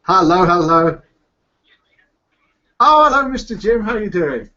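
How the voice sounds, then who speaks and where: A man's voice: high-pitched, expressive, unhurried, pushed and bright. Cheery man hosting a live webcast. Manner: cheery, chatty, laughs easily. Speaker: host. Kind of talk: casual live show chat. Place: home room at a computer. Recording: dull lo-fi webcast audio.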